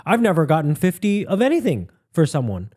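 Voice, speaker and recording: A man co-hosting a comedy podcast in casual chat, animated and joking, often acting out quotes. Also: fairly high pitch, a little fast. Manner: animated, acts out quotes in mocking voices. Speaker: podcast co-host.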